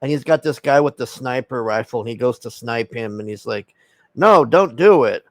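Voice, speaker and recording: A man's voice: medium pitch, a little fast, no echo. Rambling, profane man recapping a film. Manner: rambling and profane, with many fillers and acted-out quotes. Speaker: film reviewer.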